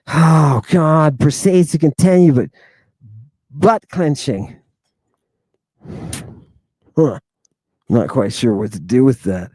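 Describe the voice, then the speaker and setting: A man hosting a channel in a rambling livestream monologue, reading out viewer comments and talking through them in an excitable, sardonic way full of exclamations and rhetorical questions. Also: mid-range voice, no room sound. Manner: sardonic and mocking. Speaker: channel host.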